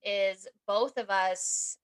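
A woman's voice: mid-range voice, extremely slow, smooth. A woman in her thirties co-hosting a podcast, talking casually and animatedly, acting out what people said. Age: 30s. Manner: animated, acts out quoted voices. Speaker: podcast co-host. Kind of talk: casual conversation.

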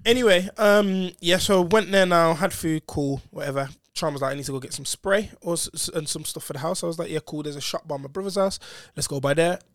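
Slangy man telling a story, higher voice. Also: a little fast, few pauses, dry recording, studio quality. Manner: slangy, swears, acts out what others said. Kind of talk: casual story time chat.

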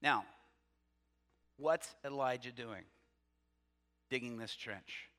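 A man preaching a sermon, reading scripture aloud with lively asides, laughing often and questioning his listeners. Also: medium pitch, slow pace. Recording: long reverb from a hall.

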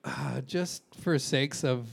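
A man's voice: medium pitch, slow pace, gravelly, slightly rough. A man co-hosting a podcast, joking and hesitating with restarts in casual chat. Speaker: podcast co-host.

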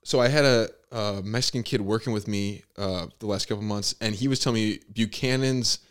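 A man's voice: lowish voice, fairly quick, clear, resonant tone. Rambling, laid-back young man, swears a lot. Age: young adult. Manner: rambling, heavy on fillers and swearing. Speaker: podcast host. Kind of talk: casual chat.

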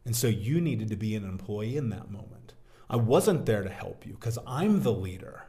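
A man in his thirties telling a story from his working life as a guest in a casual interview, animated and talking like a buddy. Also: lowish voice, moderate pace. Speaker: podcast guest, business owner.

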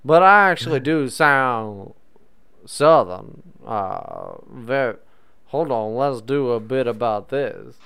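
A man's voice: mid-range voice, animated, slow pace, vocal fry, fairly bright tone, clear, resonant tone. A man co-hosting a podcast, bantering crudely and trying out silly impressions. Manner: jokey, tries silly impressions and bits. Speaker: podcast co-host.

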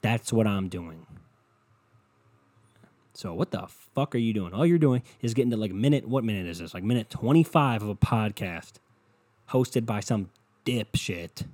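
A man's voice: lowish voice, animated, normal speed, long pauses, mellow. A young man hosting a solo podcast from his bedroom, ranting in a profane, sarcastic, rambling way into a computer mic. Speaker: podcast host. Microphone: desktop computer mic.

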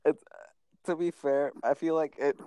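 A man's voice: on the high side, steady tone, a little slow, dark tone, clear, resonant tone, rough recording. A young man in casual chat, easygoing and self-mocking as he tells stories.

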